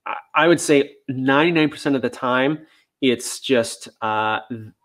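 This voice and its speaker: A man, a dog trainer, answering viewer questions in a relaxed, chatty live-stream style with many fillers. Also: medium pitch, measured pace.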